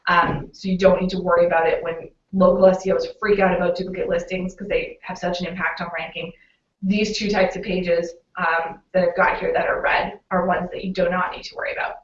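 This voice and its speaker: A Canadian woman talks through a webinar in a relaxed, explaining way, leaning on "um" and "you know". She sounds a little off the mic, in a roomy space. The audio is muffled and lo-fi. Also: on the low side, fairly quick, recorded from a distance, a little hiss or hum. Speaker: local SEO consultant presenting a webinar. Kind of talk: webinar presentation.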